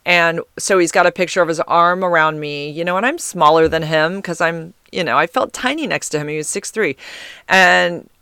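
Woman podcast host, chatty and animated, smooth clear tone, recorded dry on a close mic. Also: lowish voice, normal speed, dry recording. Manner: chatty, heavy use of "like" fillers. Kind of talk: casual storytelling monologue.

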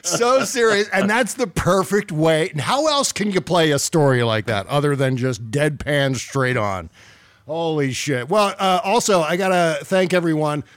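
A man hosting a casual political podcast, joking and animated with quick asides. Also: fairly high pitch, no echo. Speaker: podcast host.

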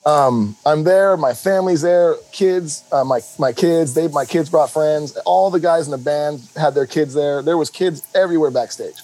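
A middle-aged man co-hosting a podcast, telling stories in an animated, rambling way full of restarts. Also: a little high, moderate pace, hardly any pauses, poor audio. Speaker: podcast co-host. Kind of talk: casual chat.

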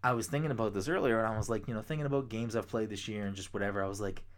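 Rambling, excitable young man. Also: fairly low pitch, rapid-fire. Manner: excitable, rambling, swears casually. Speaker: podcast co-host. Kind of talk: casual chat.

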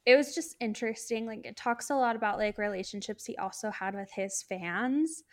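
A woman's voice: on the high side, normal speed. A woman co-hosting a podcast in casual chat, talking with many "like" fillers and light laughs. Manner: chatty, frequent "like" fillers, laughs while talking. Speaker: podcast co-host.

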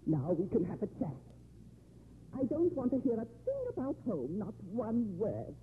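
In a dull, faintly hissy 1950s radio broadcast, an actress plays a lonely, sardonic older woman who drinks too much. Her voice sits fairly high and sing-song at a moderate pace, and her manner is mocking and theatrical, true to the era's radio drama style.

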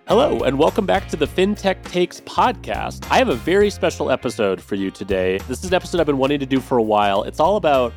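A man's voice: fairly high pitch, very animated, fast talker, hardly any pauses, soft background music. A man hosting a podcast in a casual, chatty way, with loose phrasing and hedging fillers. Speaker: podcast host.

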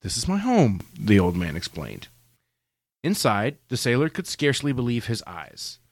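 Animated man reading a story aloud. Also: medium pitch, normal speed, no echo. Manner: reads aloud with playful quoted voices and asides. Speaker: podcast co-host. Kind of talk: casual chat and story reading.

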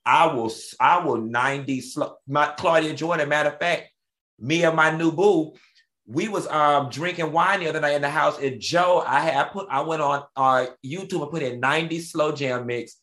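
Animated man telling stories. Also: fairly high pitch, moderate pace. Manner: animated storyteller, laughs often. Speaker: co-host. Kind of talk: casual chat.

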